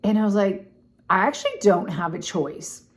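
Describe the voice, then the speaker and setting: A woman's voice: mid-range voice, normal speed. Chatty middle-aged woman telling a story. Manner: chatty, animated, lots of "like" and "oh my gosh". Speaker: vlogger. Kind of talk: casual storytelling to camera.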